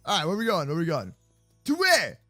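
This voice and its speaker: A young man goofing around in a Minecraft role-play from his bedroom, joking and yelling as he plays. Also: fairly high pitch, wildly swooping pitch, a little fast, no room sound, faint music behind. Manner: hyper, jokey, often yelling. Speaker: gaming YouTuber. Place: home bedroom.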